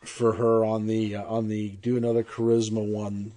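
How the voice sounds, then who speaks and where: A man narrating as game master of a tabletop game in a loose, halting way. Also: lowish voice, monotone, dark tone.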